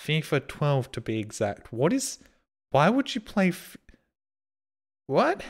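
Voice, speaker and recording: A man's voice: on the high side, wildly swooping pitch, unhurried. A man streaming live, reading out viewer donations and messages in casual, self-mocking, sarcastic banter.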